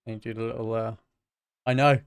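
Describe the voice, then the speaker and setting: A man from Britain, a music producer casually chatting with his livestream viewers in a relaxed, self-mocking way. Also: medium pitch, brisk, clean tone, dry recording, studio quality.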